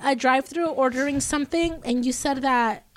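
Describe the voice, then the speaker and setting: A woman chats on a podcast as a guest, blunt and swearing freely. Her voice sits a little higher than most women's. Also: moderate pace, slight background noise. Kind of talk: casual chat.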